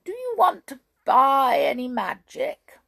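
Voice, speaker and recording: A woman's voice: high voice, wildly swooping pitch, slow, vocal fry, fairly bright tone, voice pushed up, exaggerated voice. A woman voicing a sly old witch in a storybook reading, coaxing and lilting. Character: sly old female witch with green eyes.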